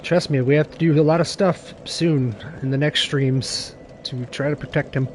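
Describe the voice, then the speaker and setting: A man's voice: fairly high pitch, fairly even intonation, moderate pace, slight background noise. A man streaming a video game, talking in a playful, joking, sometimes profane way. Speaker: gaming streamer. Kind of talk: casual let's-play commentary.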